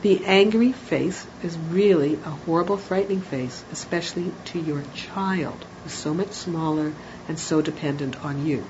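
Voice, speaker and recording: Calm, low-voiced woman explaining parenting. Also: normal speed. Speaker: parenting educator. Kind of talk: spoken lecture. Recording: dull lo-fi audio with faint noise.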